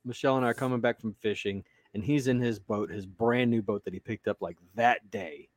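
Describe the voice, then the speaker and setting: A man's voice: fairly low pitch, a little fast, no echo. A man co-hosting a podcast, casual chat, telling stories in a laid-back way and swearing freely. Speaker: podcast co-host.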